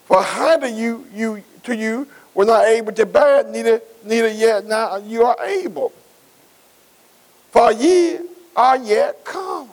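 A very high-voiced pastor, animated and a little slow, builds his sermon through repeated words and frequent rhetorical questions to the congregation. His call-and-response preaching is on a low-quality recording.

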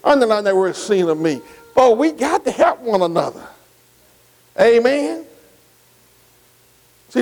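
A pastor with an extremely high-pitched voice preaches a folksy, emphatic sermon, repeatedly asking the congregation whether they agree. The recording is rough.

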